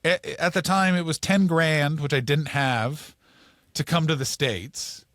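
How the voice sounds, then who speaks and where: Fast, profane storytelling comedian man. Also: on the high side, steady tone, fairly bright tone, dry recording, clean studio sound. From Canada. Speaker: comedian guest. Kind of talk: storytelling interview.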